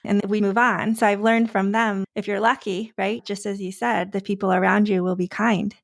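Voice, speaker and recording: Woman host with a gravelly edge. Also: medium pitch, flat delivery, normal speed, no echo, studio quality. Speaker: podcast host. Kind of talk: interview conversation.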